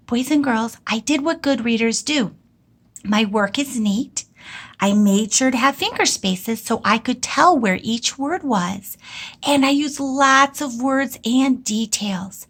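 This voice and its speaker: A woman teacher giving an early-grade writing lesson, talking slowly in a sing-song way and stretching out words for young children. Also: on the high side, animated, fairly bright tone.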